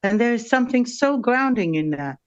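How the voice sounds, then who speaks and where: A woman's voice: on the high side, very animated, a little fast, highs cut off. A woman with a Caribbean accent, chatting and telling stories as a guest on a video call. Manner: chatty, storytelling, laughs often. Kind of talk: casual group chat.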